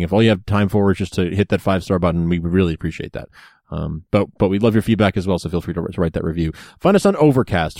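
Man, podcast co-host, easygoing, lots of fillers, very deep voice, dry close sound. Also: darkish tone, dry recording. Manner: easygoing, many fillers, chuckles. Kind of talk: casual chat and show wrap-up.

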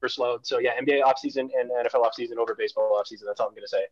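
A man's voice: medium pitch, fairly even intonation, racing, dry recording, lo-fi sound. A man co-hosting a sports podcast in casual chat, ranting bluntly and swearing. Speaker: podcast co-host.

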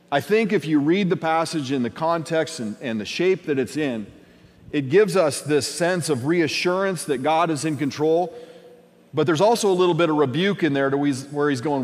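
A man's voice: a little high, animated, moderate pace, darkish tone. A male pastor giving a conversational sermon, acting out everyday questions in different voices. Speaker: lead pastor. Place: church sanctuary. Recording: long hall reverb.

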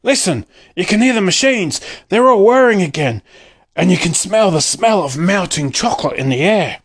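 Man doing excited townsfolk, storybook, high raised voices, shouting. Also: brisk, breathy edge, exaggerated voice.

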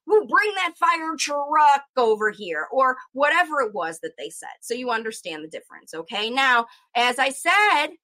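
Bright high-voiced woman coaching parents. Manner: animated, acts out slow clear modeling lines. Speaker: speech-language educator.

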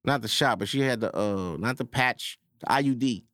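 A man's voice: medium pitch, normal speed, fairly bright tone, no echo, clean studio sound. A young man hosting a podcast, telling crude stories in casual chat and acting out quotes in a raised voice. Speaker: podcast host.

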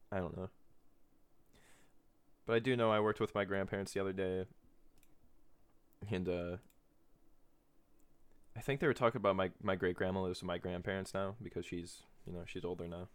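Podcast host, man in his twenties, low voice, loose and profane monologue with frequent laughs. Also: fairly even intonation, moderate pace, pauses often, smooth. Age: 20s. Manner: rambling, profane, laughs often.

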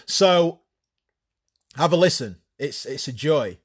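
A man's voice: on the high side, expressive, slow pace, breathy edge. A man hosting a solo podcast in a casual, crude way, swearing freely and mocking himself. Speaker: podcast host.

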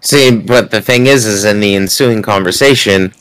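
Chill low-voiced guy, smooth tone, deadpan side comments. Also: moderate pace. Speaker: co-host. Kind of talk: casual show recap chat.

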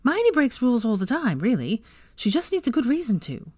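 A woman's voice: on the high side, very animated, a little fast, mellow, no echo, pitched above the performer's own voice. A woman voicing a mischievous young witch telling on her friend. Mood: gleeful. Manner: laughing, gossipy.

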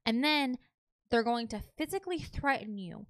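A woman's voice: fairly high pitch, normal speed. Young woman podcast cohost, casual recap chat, does little voices when quoting people. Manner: animated, recounts scenes with quoted voices. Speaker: podcast co-host.

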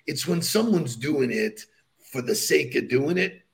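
A man's voice: a little high, expressive, measured pace, creaky. A man co-hosting a podcast, enthusiastic and leading the topics in casual chat, chuckling between points. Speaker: podcast co-host.

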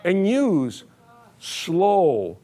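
A man's voice: sits high, wildly swooping pitch, very slow, dark tone. Emphatic man preaching a sermon. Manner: emphatic, repeats words and phrases, asks the listeners questions; frequent uh fillers and restarts, plain folksy wording. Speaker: pastor.

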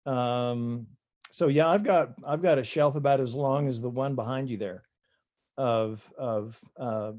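An older man, an author, telling stories from his career in a relaxed, rambling interview manner with many fillers. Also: mid-range voice. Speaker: author guest. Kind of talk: conversational interview storytelling.

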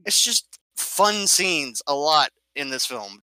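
A man's voice: fairly high pitch, takes it slowly, dry recording, rough recording. A man in casual conversation, animatedly retelling film scenes and explaining details. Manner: animated storyteller, acts out scenes. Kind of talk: casual movie discussion.

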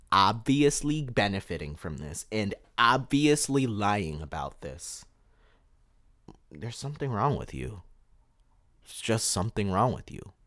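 Podcast host, male, heated rant, voice swinging all over the place. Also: mid-range voice. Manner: fired-up, indignant, restarts and repeats words.

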